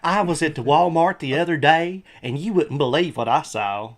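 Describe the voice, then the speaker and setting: A man's voice: a little high, moderate pace, natural voice. A man with a Southern US accent voicing a sassy, gossiping Southern man with an exaggerated drawl. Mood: gossipy.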